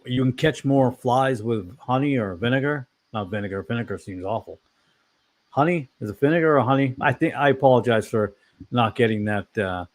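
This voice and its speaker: A man hosting an online fellowship talk, preaching in a casual, rambling way, giving blunt opinions and often correcting himself. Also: mid-range voice. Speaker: online fellowship discussion host.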